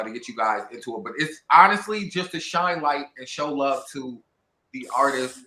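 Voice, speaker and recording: A man's voice: medium pitch, bright, forceful tone, reverberant, rough recording. A man hosting a livestream, talking loosely and profanely and laughing with friends in the room. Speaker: livestream host. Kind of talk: casual livestream chat.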